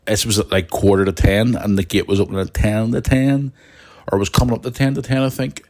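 Low-voiced man rambling through a story. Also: a little fast. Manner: rambling, animated anecdote with restarts and asides to listeners. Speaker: podcast host. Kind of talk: casual storytelling monologue.

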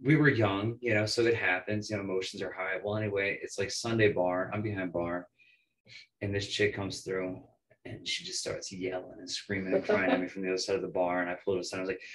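A young man, a bartender, telling animated stories in casual chat, swearing and acting out quotes. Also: low voice, fast, low-quality recording. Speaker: bartender guest. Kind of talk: casual storytelling.

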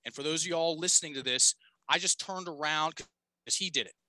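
A man's voice: a little high, brisk, sharp tone, poor audio. A man who is a podcast guest and coach, telling a story in a casual, emphatic way and swearing freely.

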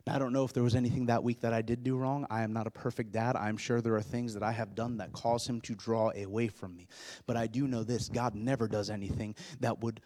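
A man in his thirties preaching a sermon. He builds to loud, urgent climaxes, then drops to quiet, low-voiced passages. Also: little pitch movement, quick pace. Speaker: pastor.

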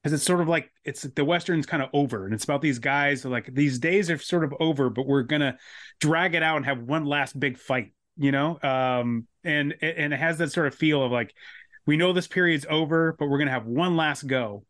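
A man's voice: a little high, fairly bright tone, no echo, clean studio sound. Rambling man in casual podcast chat. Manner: rambling, halting, many restarts and fillers. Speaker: podcast co-host.

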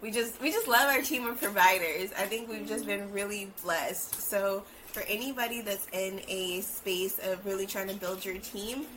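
Encouraging mom hosting a podcast. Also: female voice, medium pitch, moderate pace, few pauses, slight background noise, rough recording. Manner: warm, encouraging, says "right?" often. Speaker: podcast host, mother. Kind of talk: casual chat.

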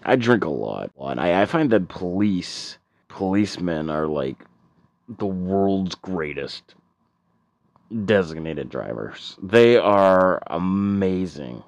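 Slow, deep-voiced profane comedian. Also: male voice, lively intonation, dry recording. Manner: rambling, profane, stammering repeats. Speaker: stand-up comedian. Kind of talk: stand-up comedy set.

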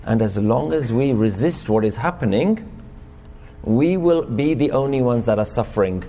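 A man's voice: medium pitch, expressive, normal speed, dark tone, long reverb tail. A man giving a sermon at a gurdwara, telling a parable and posing rhetorical questions to the congregation. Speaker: speaker at a Sikh gurdwara. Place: gurdwara hall.

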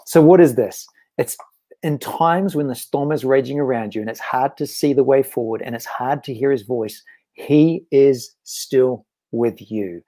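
A man's voice: medium pitch, a little slow, warm tone. A man, a guest author speaking earnestly and reflectively about faith in a casual interview. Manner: earnest and reflective, with frequent restarts.

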